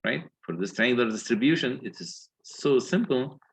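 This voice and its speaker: A man's voice: mid-range voice, lively intonation, moderate pace, creaky, a little hiss or hum, poor audio. A man with an Egyptian accent giving a university engineering lecture, explaining step by step and often checking that students follow.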